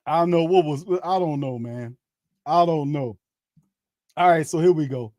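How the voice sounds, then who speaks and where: A man's voice: normal speed, a little mellow, dry recording, clean studio sound. Exasperated man calling a game live. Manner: exasperated, laughing, rising to high-pitched disbelief. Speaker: host giving live game commentary. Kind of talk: casual watch-party play-by-play commentary.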